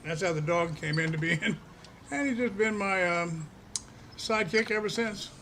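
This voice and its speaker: Folksy older man, high bright voice. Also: moderate pace, a little hiss or hum. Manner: chatty and folksy, chuckling often. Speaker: streamer. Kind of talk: casual gameplay commentary.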